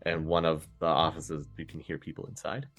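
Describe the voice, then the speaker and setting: A man narrating a tabletop role-playing game as game master, relaxed and quick to laugh. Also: rumbling low, faint music behind.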